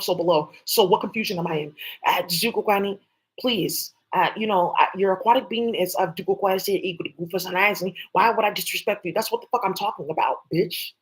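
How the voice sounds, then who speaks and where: This low-quality clip catches a woman with a voice on the low side ranting on a livestream, swearing and worked up as she responds to voices nobody else perceives.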